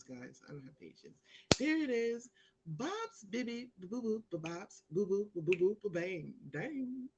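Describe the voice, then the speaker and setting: A woman hosting her own live show, chatting casually to viewers and telling a story, acting out the people in it with big jumps in voice. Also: slight background noise. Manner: animated storyteller, acts out quotes with big pitch jumps.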